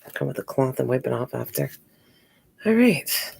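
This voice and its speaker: A woman's voice: rumbling low, sing-song, normal speed, vocal fry, darkish tone, breathy edge. An older woman hosting a casual live stream from home while crafting, chatting with viewers and calling them pet names.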